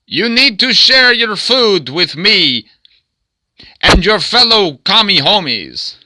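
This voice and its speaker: A man voicing a bossy Soviet dictator in a deliberately bad fake Russian accent, shouting demands in a raised voice. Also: big pitch swings, dry recording, full character voice. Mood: demanding. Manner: shouting, high-pitched demands.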